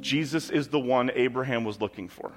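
Man preaching conversationally over soft guitar. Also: mid-range voice, fairly quick. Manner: conversational preaching with emphatic asides. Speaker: pastor. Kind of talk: sermon. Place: church with kids in the room.

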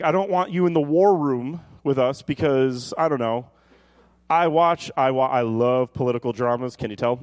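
A man preaching a sermon, telling jokey stories with sudden high-pitched yelps before turning quiet and earnest. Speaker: pastor.

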